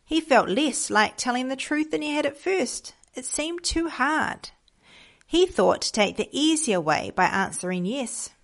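A woman reading a moral children's story aloud in a gentle, measured way, giving small voices to the characters. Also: high voice, lively intonation.

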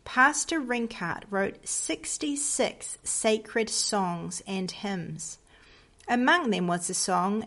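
Woman Christian teacher reading stories aloud; earnest, unhurried, touch of vocal fry. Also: mid-range voice. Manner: earnest, slow storytelling with pauses. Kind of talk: devotional lesson and story reading.

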